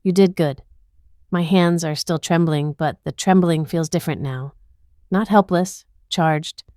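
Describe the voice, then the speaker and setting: Speaking at a measured pace, a woman recounts a dramatic tale in her own voice, tense and inward. The pitch is lowish and the tone a little mellow, captured dry without any room sound.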